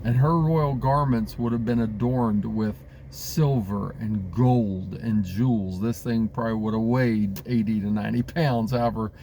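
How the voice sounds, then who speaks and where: A man's voice: lowish voice, steady tone, unhurried, hardly any pauses, warm tone, a little hiss or hum. A man who leads a congregation, teaching a Bible study in a conversational way with frequent fillers and restarts. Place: Pennsylvania.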